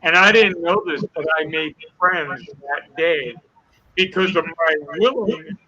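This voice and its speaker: An older man recounts a life-changing moment, earnest and emotional, playing every part in the dialogue himself. His voice is bright and sits fairly high. The audio comes over a dull, lo-fi video call. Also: measured pace. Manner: earnest storyteller acting out dialogue. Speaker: guest. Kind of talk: emotional personal testimony.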